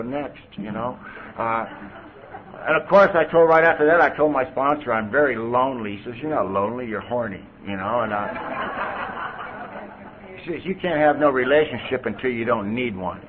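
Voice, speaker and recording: A man's voice: medium pitch, slight background noise. A middle-aged man from California telling his recovery story at a meeting, candid and conversational, full of "you know". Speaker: AA speaker. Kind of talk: recovery testimony. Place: convention hall podium. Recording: tinny lo-fi tape recording.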